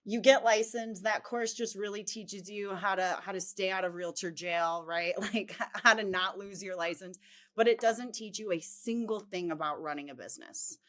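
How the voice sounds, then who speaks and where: A woman's voice: mid-range voice, moderate pace, fairly bright tone. Upbeat woman with light Chicago accent. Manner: upbeat, laughs easily, direct. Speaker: real estate coaching head. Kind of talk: interview guest chat.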